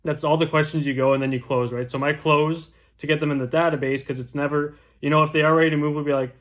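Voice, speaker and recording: A young man's mid-range voice stays steady as he quickly and casually teaches door-knocking scripts as a real estate agent. He's chatty and keeps checking in with "right?"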